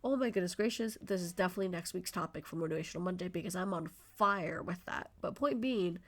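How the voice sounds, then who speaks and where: A woman's voice: lowish voice, quick pace. Passionate, rambling woman podcaster. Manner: effusive, passionate, rambling with self-interruptions. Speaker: podcast host. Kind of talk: motivational solo podcast talk.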